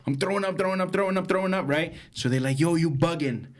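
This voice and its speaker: A young man, co-hosting a podcast and telling a wild story in slangy casual chat, acting out quotes and laughing. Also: fast talker. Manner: animated, slangy, acts out quotes with big pitch jumps and laughter. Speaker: podcast co-host.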